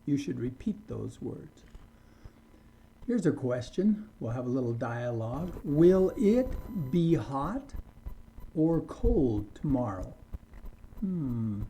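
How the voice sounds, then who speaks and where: Very animated yet slow and deliberate, a man with a mellow, mid-range voice gives an online English lesson, repeating words for learners to echo back. The poor audio carries a little hiss or hum.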